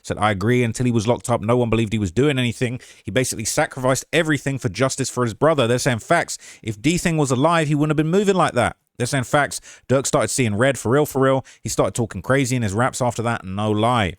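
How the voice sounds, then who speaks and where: A young man hosting a casual reaction commentary, reading viewer comments aloud in an animated way and often tagging lines with "all right?". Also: medium pitch, fast talker, hardly any pauses, dry recording, clean studio sound. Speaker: commentary channel host.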